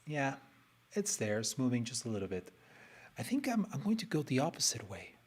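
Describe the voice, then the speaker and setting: A man's voice: mid-range voice, sing-song, brisk, slightly rough. A man streaming his design work, chatting casually and playfully as he thinks aloud and talks to his screen. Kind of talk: casual live design commentary.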